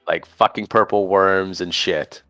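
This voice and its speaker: A man's voice: low-pitched, fairly even intonation, unhurried, bright, forceful tone, dry recording, soft background music. A man playing a tabletop game, talking bluntly and swearing casually. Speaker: player.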